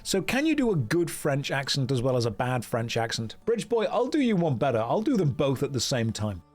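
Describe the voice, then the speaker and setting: A man's voice: medium pitch, sing-song, a little fast, a little mellow, faint music behind. A man from the UK chatting wryly with his viewers while streaming a game. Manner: wry, joking asides to chat while reading game dialogue. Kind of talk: casual live-stream commentary.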